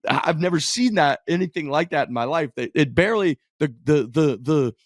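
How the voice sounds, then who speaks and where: Excitable, profane podcast guy. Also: fairly high pitch, fairly quick, no room sound, studio quality. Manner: excited, profane, rambling analysis. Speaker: golf podcast co-host. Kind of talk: casual chat.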